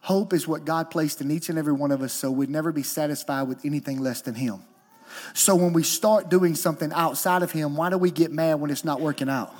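Speaking a little fast, this male lead pastor preaches an emotional, animated sermon. His voice builds from soft and low to high and loud.

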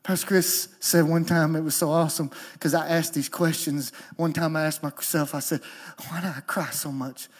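A lead pastor preaches a sermon with emotion and animation, his voice climbing from soft and low to high and loud. He speaks at a normal speed with a slightly rough quality.

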